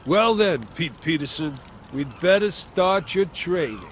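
An actor playing a bossy, pompous fire chief in an animated cartoon. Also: male voice, fairly high pitch, unhurried, faint music behind.

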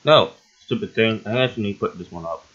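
A man hosting a gaming channel talks through his playthrough in a casual, rambling way, quick to yelp or laugh. His voice sits a bit on the low side for a man. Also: breathy edge, highs cut off. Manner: excitable and rambling, yelps and laughs often. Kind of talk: casual let's-play commentary.

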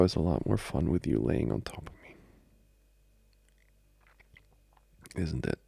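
A young man voicing a needy, playful boyfriend in a whispered role-play, speaking in soft, intimate whispers broken by giggles. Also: very deep voice, vocal fry, slightly rough, no room sound, exaggerated voice. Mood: clingy, cozy. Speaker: ASMR role-play creator.

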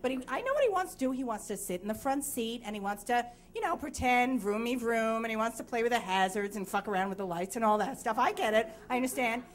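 A woman's voice: on the high side, lively intonation, quick pace, few pauses. A woman in her thirties telling a frank, self-deprecating comic story on stage before a live audience, sounding sleep-deprived.

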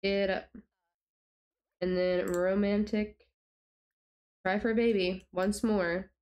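A woman's voice: mid-range voice, steady tone, slow, a little mellow. Exasperated young woman narrating gameplay. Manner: exasperated, rambling, talks to her sims. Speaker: gaming YouTuber. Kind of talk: casual gameplay commentary.

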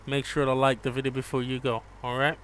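A man giving relaxed live gameplay commentary, chatting with viewers and calling them bro. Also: mid-range voice, fast talker, slight background noise. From Jamaica. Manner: laid-back, chats with viewers, calls them bro. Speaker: gaming streamer.

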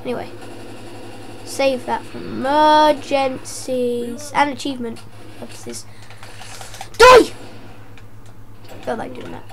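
High-voiced woman yelping through gameplay. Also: measured pace, slight background noise. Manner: jokey, yelps and shouts at scares. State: voice worn out. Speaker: gameplay commentator. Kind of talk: casual let's-play commentary.

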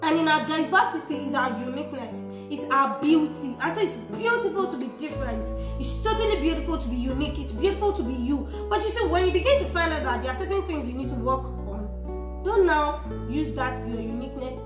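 A young woman, talking casually to her viewers about self-improvement, chatty and animated. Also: high voice, fairly quick. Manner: chatty, animated, raises voice when emphatic. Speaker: vlogger. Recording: echoey room with music behind.

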